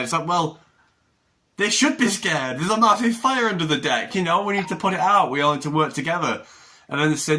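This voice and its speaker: Bright-voiced male podcast host. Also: fairly high pitch, fast talker, low-quality recording. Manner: animated, tells long analogies. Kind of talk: casual conversation.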